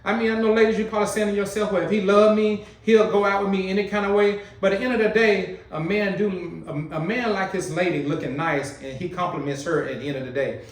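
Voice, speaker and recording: Male reaction host, casual and teasing, slightly high voice, echoey room. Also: steady tone, fast, few pauses, far from the mic. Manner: chatty, teasing, addresses viewers as fam. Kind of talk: casual commentary on a clip.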